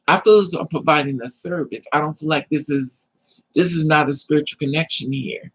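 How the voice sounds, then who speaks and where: A woman's voice: low-pitched, husky, rough recording. A middle-aged woman chatting casually to her livestream viewers, sassy and emphatic, repeating her lines and calling people honey. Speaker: livestream host.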